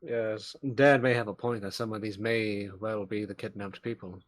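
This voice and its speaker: A man's voice: on the low side, steady tone, moderate pace, slight background noise. A man playing a tabletop horror game, talking in character with formal, old-fashioned phrasing. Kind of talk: in-character roleplay.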